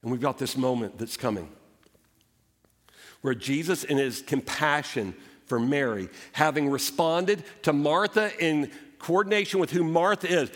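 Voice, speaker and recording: A male pastor preaching a sermon, retelling scripture with animated storytelling and emphatic rises and drops. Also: a little high, moderate pace, long reverb tail. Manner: animated storytelling preaching, voicing Bible characters.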